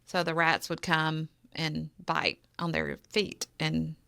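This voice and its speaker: Woman, charity co-founder, close dry mic, low-ish voice with fry, vivid storyteller. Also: slow pace, no room sound. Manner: animated storyteller, acts out quoted dialogue. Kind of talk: personal storytelling in a podcast interview.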